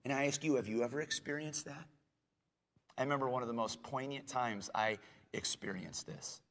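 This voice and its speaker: A man preaching a sermon as pastor, earnest, asking his hearers questions and dropping at times to a soft, gentle tone. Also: medium pitch. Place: church sanctuary. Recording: long hall reverb.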